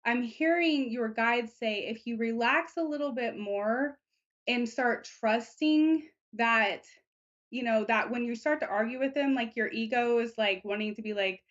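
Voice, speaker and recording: A woman psychic talks through a reading in a gentle, reassuring voice that sits a little high. She takes her time and keeps the tone calm and soft. The audio is dull and lo-fi, like a stream recording. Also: a little slow. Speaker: psychic reader. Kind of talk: live psychic reading on internet radio.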